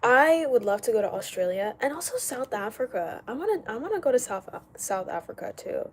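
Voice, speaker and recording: A young woman live streaming from home, chatting casually, reading out comments and firing back quick retorts with frequent laughs. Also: on the high side, very animated, a little hiss or hum. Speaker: livestreamer. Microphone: camera mic while live streaming.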